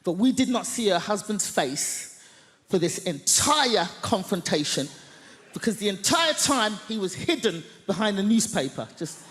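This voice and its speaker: A woman doing stand-up comedy, telling a story in an animated, mock-outraged way on a large theatre stage. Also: mid-range voice, unhurried. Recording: echoey hall, long reverb.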